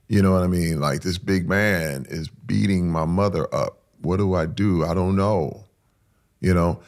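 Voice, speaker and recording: A middle-aged man appearing as a podcast guest tells an emotional personal story in a deep, gravelly voice. He's intense, acting out what people said and swinging between hushed and loud.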